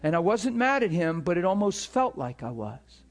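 A man preaching to a ministry school, telling a story with emphatic, animated delivery and acted-out dialogue. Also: moderate pace. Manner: animated, emphatic, acts out dialogue with rising pitch. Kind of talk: sermon storytelling.

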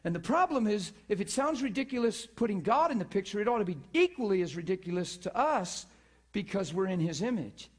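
A man preaching to a church class in an animated way, often restarting words and checking in with his listeners. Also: high voice, a little fast, breathy edge. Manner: animated, repetitive, checks in with the audience. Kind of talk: sermon.

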